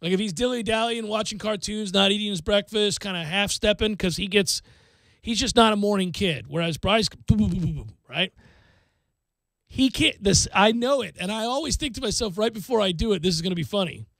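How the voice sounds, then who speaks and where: A middle-aged man hosting a sports radio show, telling animated stories about his kids and acting out scoldings. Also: high voice, a little fast, gravelly, no room sound. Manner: animated storytelling, acts out scolding his kid. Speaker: radio host. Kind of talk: casual radio chat. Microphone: studio microphone, dry.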